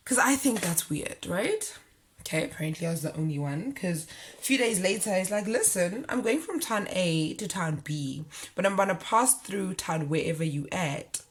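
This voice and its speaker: A young woman talks straight into her camera and tells a story from her own life. Her voice sits a little low for a woman. She keeps acting out what each person said, so her voice jumps between the characters. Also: normal speed. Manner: animated, acts out quoted lines in her story. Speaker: vlogger.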